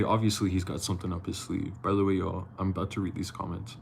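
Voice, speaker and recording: A man's voice: low voice, little pitch movement, fast, creaky, hardly any pauses, a little hiss or hum. A man reading a novel aloud on a live stream, chatting loosely with viewers, swearing casually and slipping over words.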